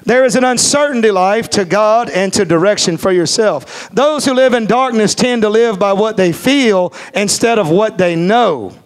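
A man with a notably high voice preaches a sermon from the pulpit. He drives his points home by repeating phrases. At times he slows into a careful, measured cadence. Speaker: pastor.

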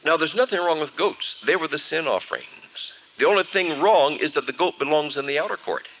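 Man preacher, bright lively voice, acts out his stories for the congregation. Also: a little high, fairly quick, slight background noise, rough recording. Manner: animated storytelling, acts out scenes. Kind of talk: sermon. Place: camp meeting before a live audience. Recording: archival 1979 camp meeting recording.

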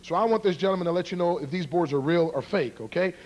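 A joking, energetic evangelist with a fairly high male voice, teasing a church congregation before a karate demonstration. He is middle-aged and talks with quick humor and showmanship. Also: dull audio. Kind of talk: humorous sermon introduction to a live congregation. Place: church before a live audience.

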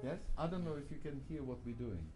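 A man's voice: medium pitch, quick pace, rough recording. A man teaching a piano masterclass, coaching a student and singing phrases aloud to show how they should go. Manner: sings phrases to show them, coaxing. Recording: loud piano in the room.

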